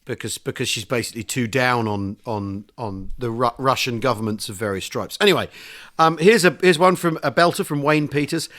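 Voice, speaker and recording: A man's voice: medium pitch, a bit bright. Jokey, theatrical male podcast host. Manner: jokey, theatrical, quick asides. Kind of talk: comic podcast banter.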